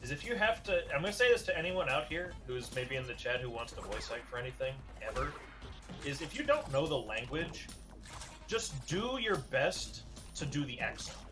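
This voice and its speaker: A man's voice: fairly high pitch, lively intonation, normal speed, pushed and bright. A man co-hosting a charity livestream, chatting casually with rambling jokes. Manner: joking, rambling asides. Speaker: livestream co-host. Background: music.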